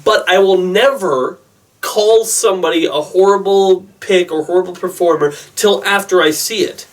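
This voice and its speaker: A young man with a somewhat high voice rambles through his movie predictions, excitable and full of asides. He sounds set back a little from the microphone. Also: normal speed, recorded from a distance. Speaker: movie vlogger. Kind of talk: casual opinion vlog.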